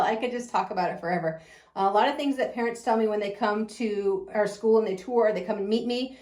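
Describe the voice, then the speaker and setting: In an echoey room, a woman with a medium-pitched, darkish voice enthusiastically promotes the preschool she runs and teaches at. Her talk is gushing and effusive, punctuated by frequent laughter.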